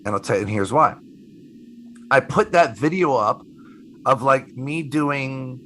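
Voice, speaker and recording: A middle-aged magician, a guest in a casual interview, tells animated stories, acts out the people he quotes and swears casually. His voice is medium-pitched and a little slow, with slight background noise.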